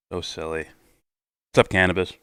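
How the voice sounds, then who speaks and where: A man's voice: low-pitched, fairly bright tone, clear, resonant tone, dry recording, clean studio sound. A man hosting a casual reaction livestream, reading chat and arguing his points in a rambling way. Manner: rambling, argumentative, reads chat aloud. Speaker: livestream host.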